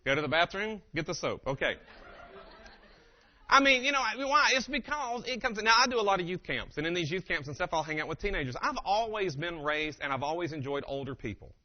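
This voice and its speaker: Man, motivational keynote speaker, humorous storytelling, animated, acts out quotes, dull lo-fi recording. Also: high voice, fairly quick.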